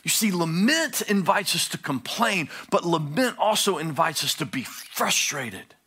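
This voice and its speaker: A male pastor preaching a sermon, swinging from hushed low phrases to loud, high-pitched pleading. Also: sing-song, measured pace, slightly rough.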